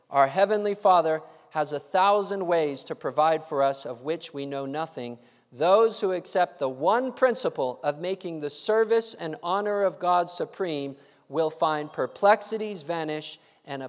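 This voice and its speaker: A man preaching a sermon, telling a story and acting out the voices of its people. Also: fairly high pitch. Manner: animated, acts out voices in the story. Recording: long hall reverb.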